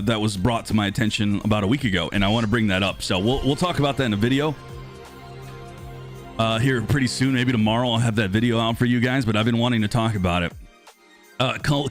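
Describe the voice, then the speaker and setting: A man in his thirties casually chatting with viewers on a live stream, rambling and talkative, losing his voice and clearing his throat. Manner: chatty and rambling, lively pitch swings when greeting viewers. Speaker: streamer host reading live chat.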